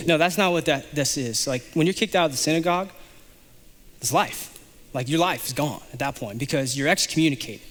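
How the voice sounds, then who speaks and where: Man, pastor, sermon, animated storytelling, bright tone, long hall reverb. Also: a little high. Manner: animated, acts out scripture characters in quick asides.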